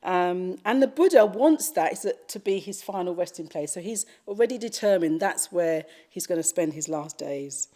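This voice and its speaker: A woman with a British accent giving a retreat dharma talk as a Buddhist teacher, telling a story gently and reflectively. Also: on the low side, expressive, normal speed, few pauses. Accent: British English. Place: retreat hall.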